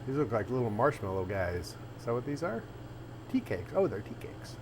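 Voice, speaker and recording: Brisk and medium-pitched, this man's voice swings widely in pitch as he livestreams from his arcade café interior. He owns the arcade and chats casually, rambling with restarts as he thinks aloud, amid background noise.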